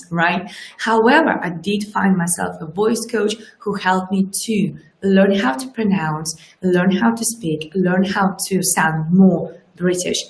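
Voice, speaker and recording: A woman's voice: medium pitch, a little slow. A woman with a subtle Russian accent giving a motivational coaching talk, often tagging "right?" and answering her own questions. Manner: keeps asking rhetorical "right?"; animated, asks questions and answers them herself. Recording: roomy echo.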